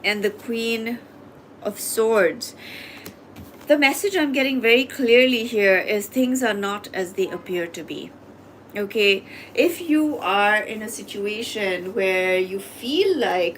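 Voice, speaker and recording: A woman's voice: medium pitch, expressive, a little slow, slight background noise. A woman giving a live tarot reading, talking straight to her viewers with repeated, urging questions. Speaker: tarot reader.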